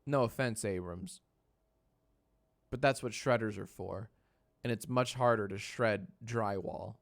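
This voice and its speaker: A man in his thirties streams casually from his home editing room, joking with chat, running polls, and cooing soft baby talk at his dog. His voice is low-leaning and gravelly, and he takes his time.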